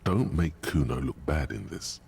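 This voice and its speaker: A man's voice: a bass voice, moderate pace, a little mellow, husky, exaggerated voice. A man giving grave, ominous scripted narration as a detective's inner voice in a video game.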